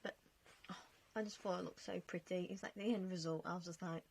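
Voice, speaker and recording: A woman's voice: on the low side, steady tone, fast talker, vocal fry, a little mellow, husky. A young woman chatting casually over gameplay, self-mocking and laughing often as she talks through her choices. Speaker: game vlogger.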